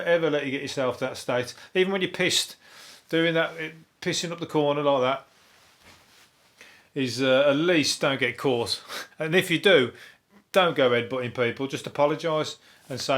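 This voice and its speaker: Bloke doing a solo news podcast, dry deadpan, swears a lot, rambles and chuckles. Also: male voice, medium pitch, moderate pace, pauses often. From England. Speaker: podcast host.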